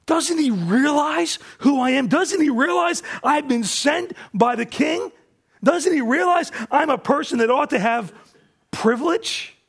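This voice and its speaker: A proud, indignant ancient army commander, as a male preacher puts him on, hurling outraged rhetorical questions in a high, gravelly voice. He sounds wounded in his pride and demands the respect he thinks he is owed. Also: big pitch swings, slow, exaggerated voice.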